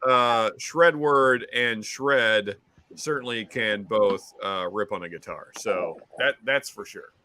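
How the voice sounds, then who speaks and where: A man's voice: fairly low pitch, slow pace, sharp tone. A man hosting a casual whiskey stream, rambling and joking with stumbling restarts, close to his mic. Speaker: whiskey show host. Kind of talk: casual chat on a live stream.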